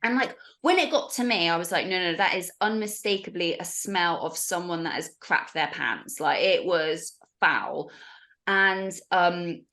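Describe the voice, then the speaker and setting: A woman's voice: fairly low pitch, unhurried. A woman, a podcast guest, telling a story in casual chat and acting out the voices of other people. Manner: animated, acts out the voices of others.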